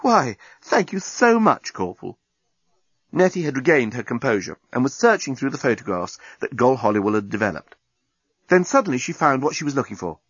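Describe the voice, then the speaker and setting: A man narrating an audiobook in a lively, expressive reading. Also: medium pitch, fast talker, husky, no room sound. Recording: dull dry recording.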